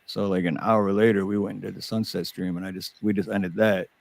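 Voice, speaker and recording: A man chatting casually as a livestream panel guest over a video call, laid-back and quick to chuckle. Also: low voice, flat delivery, gravelly, no room sound. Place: lives in Hawaii.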